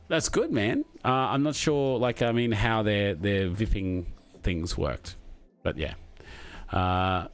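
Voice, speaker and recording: A man chatting casually as he reads out viewer messages, rambling and friendly with lots of fillers. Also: medium pitch. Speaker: streamer reading chat. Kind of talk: casual live chat.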